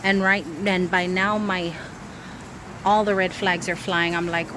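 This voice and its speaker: A woman's voice: fairly low pitch, little pitch movement, a little slow. A woman vlogging casually to her phone camera about a scam call she just got, chatty and anxious as she sets up a cookout by her grill. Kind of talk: casual vlog talking to camera. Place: outdoors by a grill. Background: wind and outdoor ambience.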